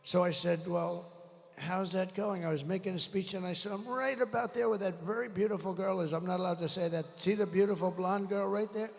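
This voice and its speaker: A man with a strained throat giving a rambling, combative campaign rally speech, swinging between muttering and shouting, recorded live at a large rally venue. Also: high-pitched, fairly even intonation, fairly quick, creaky. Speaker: political candidate. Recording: live rally with long reverb.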